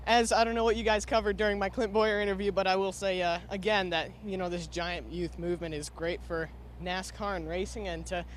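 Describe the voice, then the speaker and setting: A man's voice: high-pitched, level tone, brisk, hardly any pauses, a little hiss or hum. A young man reporting from a race garage, earnest and slightly breathless. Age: young adult. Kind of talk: casual interviewing.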